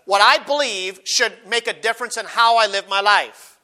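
High-voiced bright male preacher. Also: moderate pace. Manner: emphatic, repeats key phrases, quotes King James scripture. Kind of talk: sermon.

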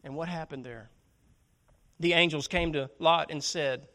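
A man's voice: fairly high pitch, fairly even intonation, measured pace, pushed and bright. A male preacher delivering a sermon, dramatically acting out the lines of Bible characters.

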